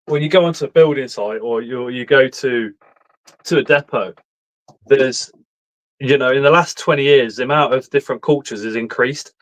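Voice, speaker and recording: A man's voice: mid-range voice, moderate pace, low-quality recording. A man in his forties hosting a casual live stream chat, joking and rambling as he talks.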